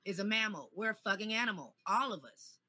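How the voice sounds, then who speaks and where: A woman's voice: mid-range voice, lively intonation, brisk, bright, forceful tone, no echo. A woman comedian as a talk show guest, speaking bluntly and swearing casually. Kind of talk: casual conversation.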